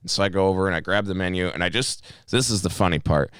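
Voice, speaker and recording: Podcast co-host: a low-pitched, smooth-voiced man telling profane, animated bar stories. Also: fast, dry recording. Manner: profane, animated storytelling with acted-out quotes. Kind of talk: casual podcast chat.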